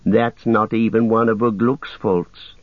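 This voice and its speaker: A man voicing a sly, menacing male goblin who speaks in a slow, soft hissing whisper. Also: fairly low pitch, level tone, no echo. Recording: tinny phone-like sound.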